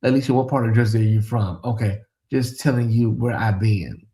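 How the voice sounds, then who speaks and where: A man's voice: lowish voice, brisk, warm tone. Chatty man hosting a casual livestream. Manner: chatty, drawling, reads viewer comments aloud; talks to the audience as "y'all". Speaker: livestream host. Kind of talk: casual late-night livestream chat.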